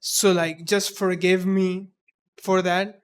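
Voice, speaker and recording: Earnest high-voiced young man, Indian English. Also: flat delivery, clear, resonant tone. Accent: mixed Indian English. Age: 20s. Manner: earnest, halting, repeats and restarts words. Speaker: vlogger. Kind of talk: personal reflective monologue.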